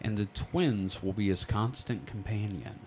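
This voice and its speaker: A man hosting a casual podcast, telling a story to friends in a joking, animated way. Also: on the low side, a little slow, slight background noise.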